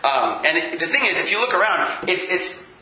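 A man's voice: high-pitched, very animated, moderate pace, bright, forceful tone, a little hiss or hum. A man speaking earnestly at a church talk, restarting phrases as he searches for words. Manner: earnest, restarts mid-thought. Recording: echoey room.

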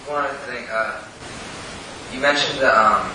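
A student in the audience tentatively asking a follow-up question. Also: male voice, medium pitch, unhurried. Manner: tentative, hedging. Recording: echoey hall, far off, hiss.

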